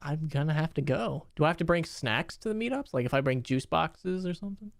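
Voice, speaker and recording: A man's voice: fairly high pitch, a little fast, gravelly, dry recording, studio quality. A young man hosting a casual podcast, joking and incredulous, swearing as he reacts. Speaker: podcast host. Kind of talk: casual chat.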